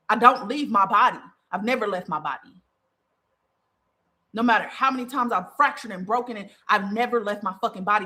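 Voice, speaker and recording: Blunt, profane woman, bright voice. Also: on the high side. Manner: blunt, profane, emphatic with mocking quoted voices. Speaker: podcast host and spiritual advisor. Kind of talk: heated casual monologue.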